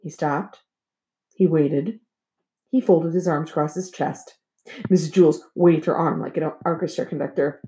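A woman narrating a children's chapter book aloud in an expressive, storytelling manner. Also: deep voice, unhurried. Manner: lively and expressive. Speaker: audiobook reader.

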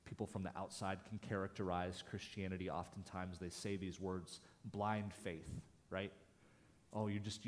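Low-voiced man preaching in a reverberant hall. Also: darkish tone. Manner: earnest, emphatic preaching with dramatic drops to near whispers. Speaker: pastor. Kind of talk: sermon.

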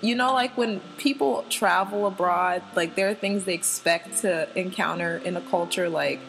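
A woman's voice: lowish voice, moderate pace, gravelly, fairly bright tone, a little hiss or hum, low-quality recording. A young American woman hosting a casual interview chat, gushing and giggly, rambling with lots of fillers. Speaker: podcast host.

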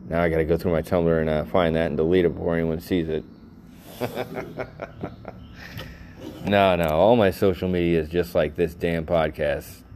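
A man's voice: low-pitched, fairly even intonation, normal speed, long pauses, darkish tone, a little hiss or hum. A middle-aged man hosting a solo podcast, rambling goofily and laughing at his own jokes, sounding tired and worn out. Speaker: podcast host.

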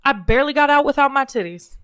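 A young woman co-hosting a podcast, excitable and quick to laugh, swearing freely in casual chat. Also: high-pitched, no echo, studio quality. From American Midwest. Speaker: podcast co-host.

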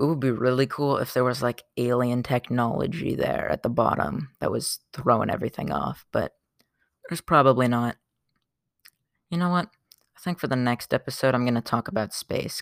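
A young man talks through his solo podcast in a loose, rambling way, full of fillers and asides. His voice has a gravelly edge and sits at an ordinary pitch. The recording is dry and close. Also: normal speed, dry recording. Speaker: podcast host. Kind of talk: casual solo podcast monologue.

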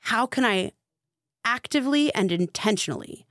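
A woman's voice: a little high, animated, normal speed, a bit bright, dry recording, clean studio sound. A woman guest on a podcast, working as a spiritual coach, telling a personal story in casual conversation, earnest and full of filler "like". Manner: earnest, heavy use of filler "like".

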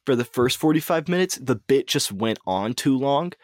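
A man's voice: mid-range voice, animated, moderate pace, a little mellow, no echo, clean studio sound. A man co-hosting a podcast, relaying movie news in casual chat, hesitant with lots of ums and restarts. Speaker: podcast co-host.

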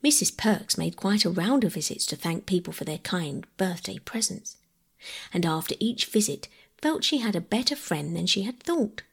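A woman narrates a bedtime audiobook in a soft, breathy, measured voice. She often slips into a near-whisper. Her pitch sits right in the middle. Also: animated. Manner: gentle, measured, partly whispered.

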